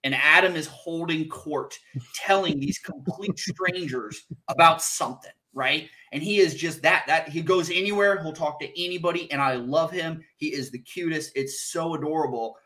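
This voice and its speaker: A man's voice: fairly high pitch, moderate pace, pushed and bright. A man co-hosting a podcast, telling a family story casually and acting out what people said. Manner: chatty, acts out people's lines as he tells a story. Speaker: podcast co-host. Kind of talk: casual chat.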